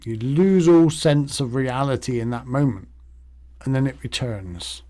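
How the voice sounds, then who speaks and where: A man's voice: medium pitch, a little slow, mellow. A man teaching meditation in a casual, rambling way, acting out the thoughts in his head. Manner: rambling and conversational, acts out inner thoughts.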